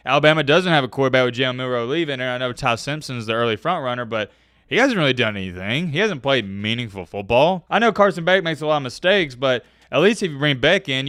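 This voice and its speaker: A man's voice: medium pitch, sharp tone, clean tone, no room sound, studio quality. A man hosting a sports commentary channel, talking casually to camera with playful hype and rhetorical questions.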